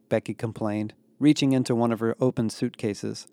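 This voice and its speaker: Man, audiobook narrator, steady wry storytelling, warm low timbre. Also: normal speed, few pauses, clean tone, no room sound. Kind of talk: first-person novel narration.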